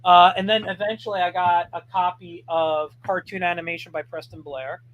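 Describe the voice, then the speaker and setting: A man's voice: high-pitched, steady tone, moderate pace, a bit bright. A man being interviewed about his cartooning, telling stories in an easygoing way with plenty of fillers. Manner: easygoing storyteller, many fillers. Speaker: guest cartoonist. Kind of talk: casual interview chat.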